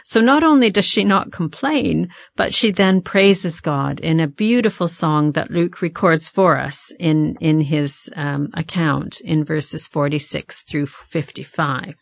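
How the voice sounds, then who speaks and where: A woman guest teaching on a Bible passage in a measured, explanatory way with frequent ums and uhs. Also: low voice, gravelly, no room sound. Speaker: guest theologian.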